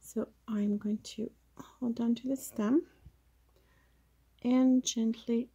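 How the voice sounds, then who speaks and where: Chatty, mellow-voiced woman demonstrating plant care. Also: on the high side, steady tone, slow, creaky, breathy edge. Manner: chatty, hesitant, talks while working with her hands. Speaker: plant grower demonstrating propagation. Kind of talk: casual how-to demonstration. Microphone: camera mic, very close up.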